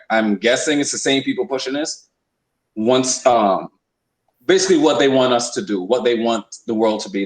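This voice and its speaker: Rambling man in an echoey room. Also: mid-range voice. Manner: rambling, emphatic, lots of restarts. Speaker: podcast host. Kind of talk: casual opinion talk.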